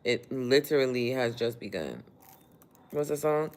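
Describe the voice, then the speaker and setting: A man's voice: mid-range voice, expressive, a little slow, clean tone. Chatty motivational man on a livestream. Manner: chatty, motivational, reads viewer comments aloud; talks while working, laughs often. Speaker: livestream host. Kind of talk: casual livestream chat.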